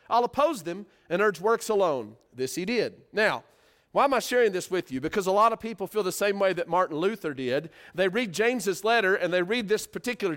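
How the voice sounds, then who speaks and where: Animated man preaching a sermon. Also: sits high. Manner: animated Bible teaching, rhetorical questions.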